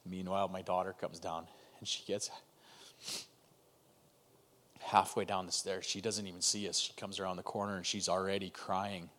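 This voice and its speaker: Man in his thirties, very low voice, emotional first-person testimony on a video call with halting pauses. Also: little pitch movement, a bit bright, a little hiss or hum. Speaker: guest telling his story.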